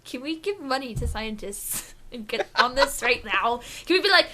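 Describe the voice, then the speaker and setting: A woman's voice: on the high side, animated, normal speed, hardly any pauses, pushed and bright. A young woman co-hosting a gaming podcast, rambling and joking in a goofy, self-mocking way. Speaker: podcast co-host. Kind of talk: casual chat.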